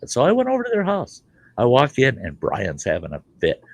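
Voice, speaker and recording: Brief: older male storyteller, crude and animated, gravelly, swinging pitch. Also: brisk, dry recording, poor audio. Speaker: podcast host. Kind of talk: campfire storytelling.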